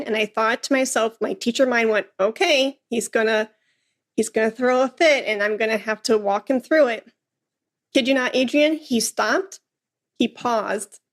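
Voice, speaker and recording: Female host, animated storyteller, acts out quotes, voice a touch high. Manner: lively storyteller who acts out quoted lines. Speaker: podcast host and flute teacher. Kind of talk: casual interview chat.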